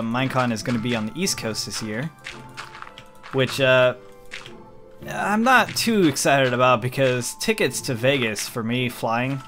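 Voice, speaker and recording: A man's voice: medium pitch, fairly bright tone. A man talking casually while playing a game, rambling and correcting himself as he goes. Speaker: let's play host. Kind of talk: casual gameplay commentary.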